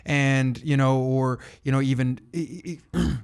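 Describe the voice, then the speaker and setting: A man hosting a relaxed podcast conversation. He talks in a halting way, restarting his sentences, at a middling pitch. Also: clear, resonant tone. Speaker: podcast host. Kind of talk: casual podcast interview.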